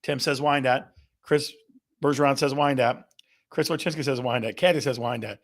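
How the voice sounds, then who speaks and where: A man's voice: mid-range voice, moderate pace. A man hosting a live real estate show, energetically repeating questions and reading out viewer guesses. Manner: energetic, repetitive, reads viewer guesses aloud. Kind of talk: live-stream call-and-response game with viewers.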